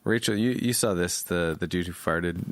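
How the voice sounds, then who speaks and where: A man's voice: low voice, normal speed, crowd noise. A man co-hosting a gaming podcast in casual chat, answering briefly with dry quips. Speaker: podcast co-host.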